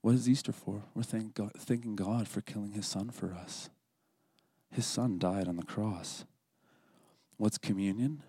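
A man's voice: on the low side, fairly even intonation, a little slow, dark tone, breathy edge, no room sound. A man giving an earnest, scripted devotional talk at a church service, sometimes dropping to a whisper for prayers. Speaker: lay speaker at a church service.

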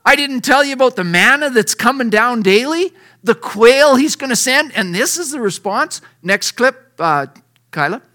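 Middle-aged preacher guy, high bright voice, folksy sermon, acts out the scripture as he reads. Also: normal speed. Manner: lively preaching, reads scripture aloud with acted lines; folksy and conversational. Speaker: pastor.

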